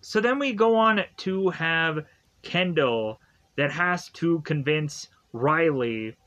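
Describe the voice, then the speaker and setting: Brief young male reviewer, slightly higher voice, loose rambling recap with jokey asides. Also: slow pace, bright, forceful tone, rough recording. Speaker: show reviewer. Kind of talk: casual recap commentary.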